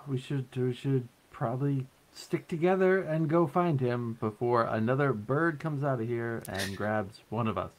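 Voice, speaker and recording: A man's voice: medium pitch, normal speed, few pauses, a little hiss or hum, voice pushed up, lightly acted. A man voicing a level-headed crew member who urges the group to stick together. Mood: cautious.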